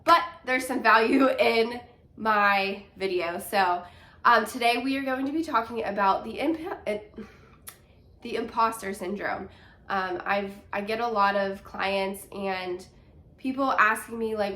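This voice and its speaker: A woman's voice: medium pitch, measured pace, bright, forceful tone. Congested, chatty woman in an echoey room. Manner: chatty and encouraging, with many fillers. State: congested, a little nasal. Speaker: teacher and health coach. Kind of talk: casual talking-head advice vlog. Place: home, on a couch.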